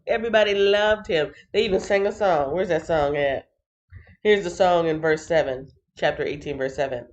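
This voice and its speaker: A woman's voice: fairly low pitch, a little slow, dull audio. A woman hosting a casual Bible reading livestream from her phone, greeting viewers by name and recapping chapters playfully. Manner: playful, reads chat comments aloud, sings and laughs.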